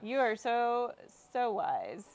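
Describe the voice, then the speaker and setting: A woman's voice: a little high, big pitch swings, slow, a little mellow. A woman co-hosting a casual stream, giggling often and reading out viewer comments. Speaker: stream co-host.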